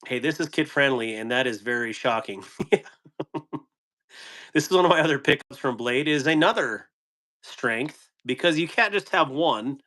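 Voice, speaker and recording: A man's voice: mid-range voice, animated, moderate pace, pauses often, pushed and bright. A man hosting a casual live stream about knives, rambling, chuckling often and answering viewers' chat. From United States. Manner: laughing, rambling, reading chat. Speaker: knife channel host on a live stream.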